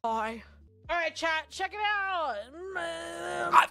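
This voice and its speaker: Excitable Australian woman streamer. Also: very high-pitched, drawn-out words, no room sound. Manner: rambling, excitable, swears often, talks to chat. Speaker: livestreamer. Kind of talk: casual livestream chat.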